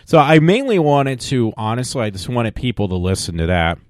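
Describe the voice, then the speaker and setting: A man's voice: mid-range voice, big pitch swings, a little fast, a little mellow, no room sound, clean studio sound. A man hosting his own show, rambling and apologetic, tired after a long day, talking casually to viewers. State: exhausted. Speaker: vlog host. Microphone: home mic.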